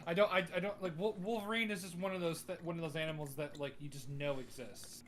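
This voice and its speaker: A man's voice: on the high side, steady tone, fast, fairly bright tone. A man in a casual film chat, stammering and restarting as he jokes around. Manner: stammering, joking.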